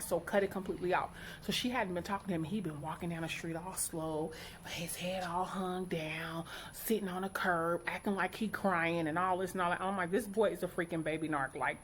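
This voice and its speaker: A middle-aged woman, a mother, telling a story to her viewers in a casual, outspoken and animated way, acting out what each person said. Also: lowish voice, normal speed, slight background noise. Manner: animated, outspoken, quotes people in character. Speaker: vlogger, mother.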